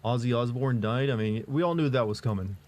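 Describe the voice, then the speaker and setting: A man streaming live who answers chat in a casual, monotone, rambling way, full of fillers and restarts. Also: medium pitch, fairly quick. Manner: monotone, flat delivery.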